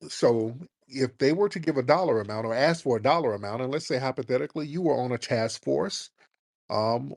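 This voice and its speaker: A man's voice: mid-range voice, a little mellow, no echo. A male host runs a call-in talk show with a brash, blunt manner, teasing and grilling his callers. The sound is dry and close, with no room around it.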